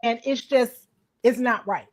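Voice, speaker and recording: In a social media clip, a woman with a fairly high voice casually tells a story of feeling disrespected. She speaks a little slowly, sounding indignant and aggrieved.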